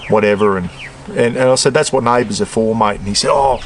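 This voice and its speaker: This cooking vlogger, a retired Australian in his sixties, talks fairly quickly in a fairly low voice as he cooks outdoors on a camp stove, rambling casually and using "bloody" a lot. There's slight hiss or hum on the recording.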